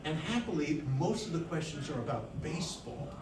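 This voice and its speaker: A middle-aged man telling a comic personal story on stage, wry and animated, with the audience laughing. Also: fairly high pitch, a little fast, background noise. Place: stage before a live audience. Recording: echoey room, distant mic, audience.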